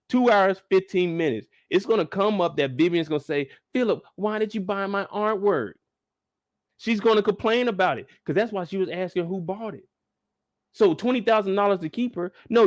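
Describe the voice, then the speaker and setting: A man's voice: high-pitched, dry recording, clean studio sound. A man hosting a live after-show discussion, ranting in disbelief at his viewers and repeating phrases for emphasis. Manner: talks straight to his viewers. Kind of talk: animated live reaction commentary.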